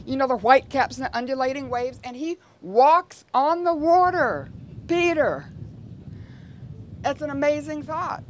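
A woman's voice: a little high, slight background noise. A woman preaching a sermon in a conversational way, with frequent rhetorical asides to her listeners.

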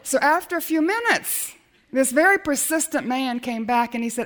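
A middle-aged woman preaching, telling a personal faith story with lively acted-out dialogue. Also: sits high, moderate pace, a little hiss or hum. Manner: animated storytelling, acts out dialogue. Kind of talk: sermon storytelling.

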